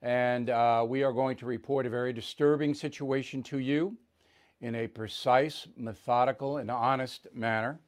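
An older male news host delivering live commentary. He speaks in a calm, deliberate cadence and leans hard on key words for emphasis. His voice sits at an ordinary male pitch.

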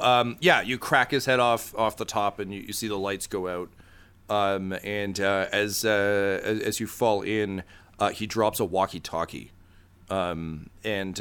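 Guy running a tabletop game, clear smooth voice, rambles with lots of ums. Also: lowish voice, fairly bright tone. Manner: rambling, many fillers. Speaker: game master.

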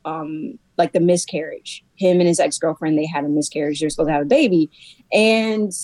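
Young woman rambling away, like like like, heartfelt, mid pitch, dry close mic. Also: a little mellow, no echo, poor audio. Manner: rambling, heartfelt, many filler likes. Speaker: guest, host's sister. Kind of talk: casual chat.

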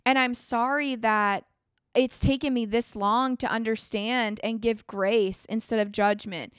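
A woman's voice: fairly high pitch, fairly even intonation, measured pace, smooth, no room sound, clean studio sound. A woman hosting a podcast, talking earnestly in a rambling personal monologue, full of "like" and restarts. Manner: earnest, rambling, heavy use of "like". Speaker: podcast host.

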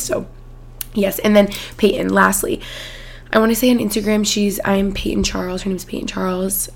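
A woman's voice: mid-range voice, level tone, a little fast, creaky. A woman in her twenties hosting a podcast, chatting casually in a bubbly, gushing way with lots of "like". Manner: bubbly, gushing, heavy use of "like". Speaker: podcast host. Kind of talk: casual chat.

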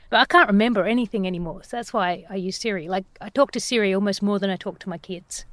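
A woman co-hosts a relaxed podcast. She chats casually and drops dry, teasing remarks. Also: medium pitch, fast talker, no room sound. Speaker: podcast co-host. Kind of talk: casual chat.

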